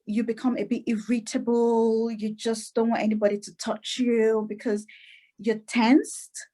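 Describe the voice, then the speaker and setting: Lively, laughing woman explaining clearly. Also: on the high side, unhurried. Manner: lively, laughs often, acts out quotes. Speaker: guest, clinician. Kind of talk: explaining in an interview.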